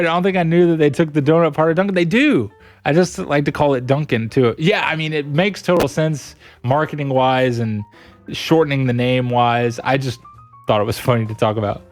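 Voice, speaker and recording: A young adult man streaming, chatting casually with viewers, giggling a lot. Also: mid-range voice. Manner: giggly, laughs a lot, animated. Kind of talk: casual chat reading viewer messages.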